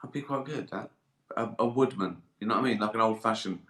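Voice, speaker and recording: A man's voice: fairly low pitch, quick pace, a bit bright. An older man, chatting casually on a live stream, rambling, swearing and laughing often. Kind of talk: casual chat. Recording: echoey room.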